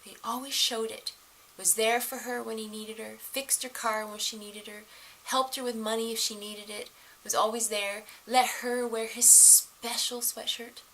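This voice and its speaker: A middle-aged woman giving casual relationship advice to the camera, animated and laughing often as she acts out the voices of others. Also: a little high, unhurried, a little hiss or hum, rough recording.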